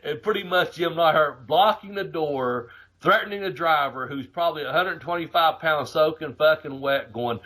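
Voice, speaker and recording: A man hosting a podcast, telling a road story in a casual, profane, animated way, laughing as he goes. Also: fairly high pitch, moderate pace. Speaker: podcast host.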